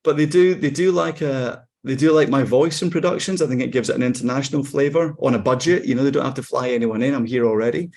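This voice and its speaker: A Scottish actor in his forties, chatting in an interview in a relaxed, wry way with frequent ums and restarts. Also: medium pitch, quick pace, hardly any pauses. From Scotland. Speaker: actor guest. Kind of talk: casual interview chat.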